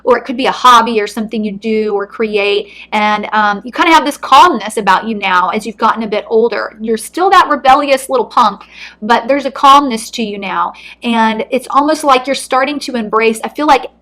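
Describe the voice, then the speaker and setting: Woman tarot reader, gentle and earnest, near tears, slightly high voice. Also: moderate pace. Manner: soft, earnest, emotional. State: close to tears. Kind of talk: intuitive card reading to camera.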